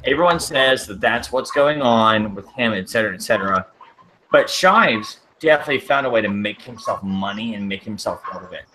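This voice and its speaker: A chatty man with a Southern US drawl whose pitch swings widely as he talks. He speaks in loose, animated bursts that are full of "like," and a faint room ambience sits behind him. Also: a little fast, slight background noise. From Deep South of the US. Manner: animated, chatty, peppers speech with "like". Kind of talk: casual group chat.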